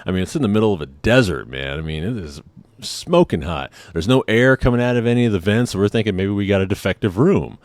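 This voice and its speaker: A man's voice: on the low side, expressive, fast, no room sound. A man telling personal stories in a laid-back, rambling way, often saying "man" and "I mean". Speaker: vlogger. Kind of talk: casual storytelling.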